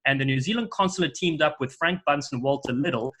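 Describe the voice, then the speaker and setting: Man, middle-aged, bright and forceful voice, a lively storyteller who acts out quotes, guest commentator. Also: fairly high pitch, fast talker, breathy edge. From South Africa. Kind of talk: casual chat, storytelling.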